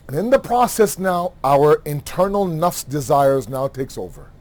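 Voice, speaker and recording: A man giving a religious lecture, animated, asking rhetorical questions and acting out everyday dialogue. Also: on the high side, unhurried. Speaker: Muharram lecturer.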